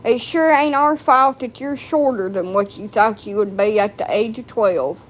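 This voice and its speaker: A woman's voice: a little high, moderate pace. A woman delivering a blunt, profane, mocking rant to camera. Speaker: vlogger. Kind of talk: ranting monologue.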